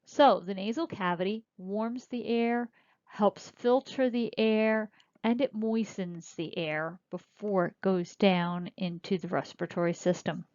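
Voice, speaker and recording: A woman teaching a recorded lecture, explaining slowly and spelling out terms as she points. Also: medium pitch, darkish tone, no room sound. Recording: dull lo-fi dry recording.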